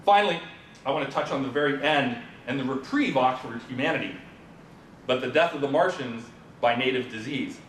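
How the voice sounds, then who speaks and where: A man with an expressive, brisk, somewhat bright voice gives a relaxed conference presentation, talking the audience through a story and asking them questions amid fillers. The symposium room sounds roomy from a faraway mic, with a faint rumble underneath.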